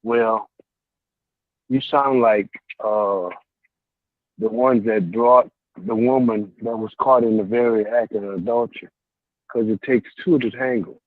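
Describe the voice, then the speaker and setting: Male caller, animated, laughing, tinny phone line, dry sound. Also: medium pitch, unhurried, long pauses, dry recording. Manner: animated, laughing, preacherly exclamations. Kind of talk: casual call-in talk. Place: warehouse.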